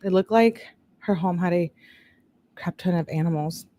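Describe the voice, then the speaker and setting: A woman with a somewhat low voice reads text messages aloud in a relaxed, conversational way. She keeps breaking off to react and talk straight to her viewers, like a chatty true-crime host. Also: normal speed. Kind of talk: casual commentary reading text messages aloud.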